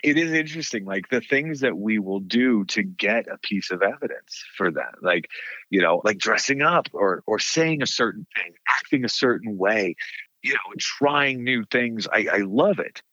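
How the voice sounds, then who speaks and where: A low-voiced man tells ghost stories with lively, swinging delivery and a bright edge. The sound is dry and a bit dull, as if recorded on modest gear. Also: normal speed, no echo. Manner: animated storyteller, laughs often. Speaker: caretaker of a haunted site. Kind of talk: casual interview chat.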